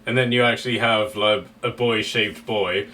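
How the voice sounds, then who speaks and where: A man running a tabletop game as dungeon master, easygoing and chuckling, halting with fillers. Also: lowish voice, steady tone, pushed and bright, far from the mic, a little hiss or hum.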